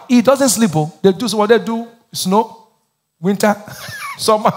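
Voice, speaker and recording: A man's voice: high voice, fairly quick, long reverb tail. A Nigerian man preaching a sermon as pastor, asking the crowd to finish his lines in call-and-response. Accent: Nigerian English.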